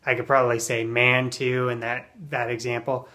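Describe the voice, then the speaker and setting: A man teaching an English phrase in a relaxed, casual way, with plenty of ums and uhs, acting out example sentences with strong emphasis. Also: medium pitch, moderate pace, hardly any pauses. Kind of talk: casual spoken lesson.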